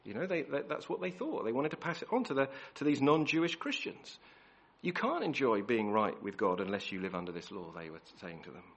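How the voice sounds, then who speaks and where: A man preaching a sermon, emphatic and repeating key words, often restarting his phrases. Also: on the low side. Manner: self-correcting restarts.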